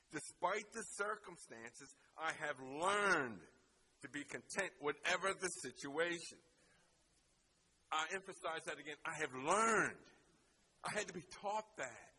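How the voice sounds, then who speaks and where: A man preaching a sermon as pastor, with a preaching manner that builds to loud, fervent climaxes. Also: a little high, a little slow, breathy edge.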